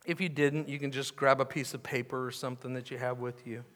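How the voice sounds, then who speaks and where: A man preaching a sermon as pastor, telling the story with animation, repeating phrases for emphasis and dropping to hushed tones. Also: mid-range voice, fairly even intonation, fast talker. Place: church sanctuary. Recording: long hall reverb.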